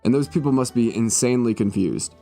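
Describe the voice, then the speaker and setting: A man's voice: medium pitch, fairly quick, creaky, mellow, soft background music. A young man streaming live, joking and swearing in a mock-serious monologue, a little tipsy.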